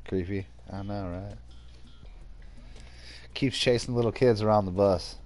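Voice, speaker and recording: A man's voice: fairly low pitch, a little slow, darkish tone, a little hiss or hum. A man streaming a game, chatting casually with viewers and his pet. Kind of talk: casual livestream chat.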